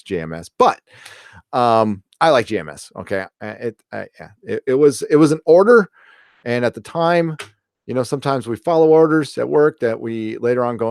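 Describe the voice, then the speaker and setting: Reading out viewer comments on his live stream, this chat show host drifts along loosely with plenty of filler words, false starts and curses. He has a fairly low, slightly mellow voice, captured in a dry, studio-quality recording.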